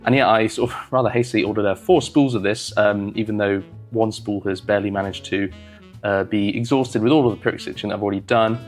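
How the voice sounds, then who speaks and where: A man's voice: fairly low pitch, fairly even intonation, fast, soft background music. A man vlogging about sewing, rambling casually with wry, self-deprecating asides and many fillers. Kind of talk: casual talk to camera while sewing.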